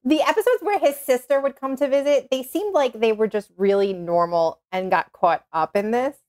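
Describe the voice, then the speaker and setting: Woman guest, a bit high, storytelling chatty. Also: normal speed. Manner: lively anecdotal. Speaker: podcast guest. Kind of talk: casual storytelling chat.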